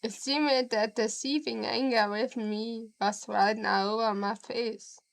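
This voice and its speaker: Slow-reading German-accented woman streamer. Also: a little high, steady tone, vocal fry, rough recording. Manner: slow, deliberate reading with laughs and asides to chat. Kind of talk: reading a visual novel aloud on stream.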